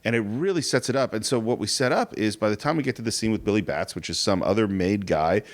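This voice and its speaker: A man's voice: fairly low pitch, fast. A man co-hosting a casual film discussion, retelling scenes and acting out the characters' lines. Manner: animated storyteller, acts out quoted lines. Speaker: film podcast co-host.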